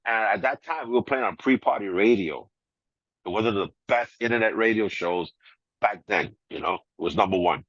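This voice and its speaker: A laid-back middle-aged man with a fairly low voice chats through an interview, chuckling and dropping easy fillers. The sound is dry and a bit dull, with no room around it. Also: normal speed, fairly bright tone, no room sound. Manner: laid-back, laughs often, many "you know" and "man" fillers. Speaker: guest DJ. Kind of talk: casual storytelling interview. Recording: slightly dull, muffled audio.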